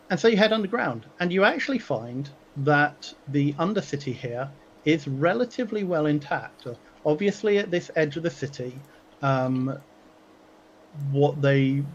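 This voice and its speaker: A game master, a man with a slightly high voice, talks players through the scene at a slow, deliberate pace. He stumbles and restarts as he improvises, with a faint hiss of noise under his voice on a home mic. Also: rough recording. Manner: halting, many fillers and restarts. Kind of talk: narrating a tabletop game.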